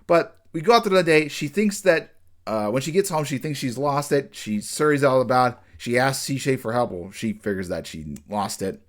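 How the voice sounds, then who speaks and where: A man talks through an anime episode in a loose, chatty review, with a lively voice that swings up and down. He often stops mid-sentence and starts again, padding his talk with fillers. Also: mid-range voice. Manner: rambling, with frequent restarts and fillers; acts out characters' lines in quick bursts.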